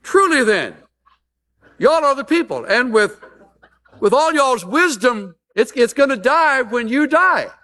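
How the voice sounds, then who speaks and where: A man voicing a sarcastic suffering man mocking his friends, in a shrill sneering tone. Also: very animated, measured pace, sharp tone, exaggerated voice.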